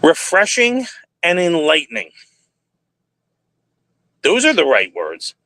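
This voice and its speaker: Guy rambling on his livestream, bright voice, pitch all over the place, dry close sound. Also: huge pitch swings, slow pace, no echo. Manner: rambling, candid, talks to himself aloud. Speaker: livestream host. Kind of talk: casual livestream monologue.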